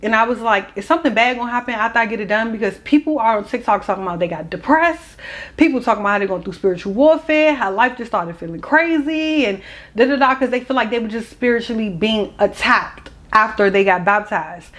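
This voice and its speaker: A woman's voice: fairly high pitch, animated, brisk, fairly bright tone. Candid young woman vlogging. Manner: candid, emotional, colloquial. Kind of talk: casual storytelling vlog.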